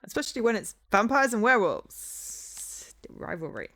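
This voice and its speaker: A woman co-streaming a game in casual chat, animated and self-mocking, often laughing at herself. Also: on the high side, normal speed.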